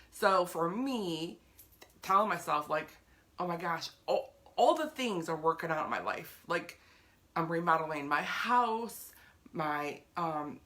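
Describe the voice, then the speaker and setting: Speaking in a lowish, pushed, bright voice, this woman talks earnestly and chattily about faith, calling out live viewers by name. She's a faith vlogger who tends to repeat points to stress them.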